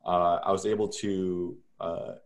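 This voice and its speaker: A relaxed man with a somewhat low voice answers as a guest in a casual interview. He talks in loose, unhurried runs, full of fillers and restarts.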